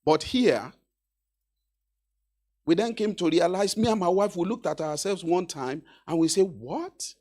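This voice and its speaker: This graduation speaker, a middle-aged man from Nigeria, has a Yoruba accent and a high-sitting, darkish voice. He talks at normal speed with frequent pauses, urging listeners on through anecdotes and remarks aimed at the audience.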